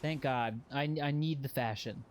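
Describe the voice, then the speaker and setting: A man giving casual live commentary while playing a video game. He swears freely and yelps and shouts at what happens on screen. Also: medium pitch, moderate pace, slight background noise. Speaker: game streamer. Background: game music.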